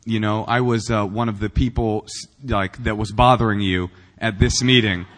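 A man's voice: on the low side, fairly even intonation, normal speed, a bit bright. Self-mocking man in a reverberant hall. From Northern California. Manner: rambling and self-mocking, with many fillers and restarts. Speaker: speaker at a recovery meeting. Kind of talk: humorous personal recovery talk. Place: meeting room.

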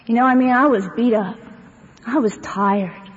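A woman's voice: a little high, measured pace, slightly rough. A woman speaking to a live audience at a recovery meeting, telling her own story in a rambling, conversational way with lots of fillers and wry humor. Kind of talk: personal testimony talk to a live audience. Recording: dull, echoey hall recording with faint hiss.

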